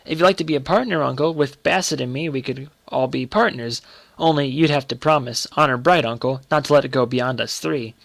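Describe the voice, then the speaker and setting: A man voicing an earnest, secretive young boy who speaks gravely and pleads with his uncle. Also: mid-range voice, a little fast, fairly bright tone, no echo.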